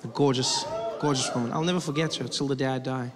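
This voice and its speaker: A man performing stand-up comedy, telling stories in an animated way on a theater stage, recorded in a hall with a laughing crowd. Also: mid-range voice, fast, noisy background. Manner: animated storytelling.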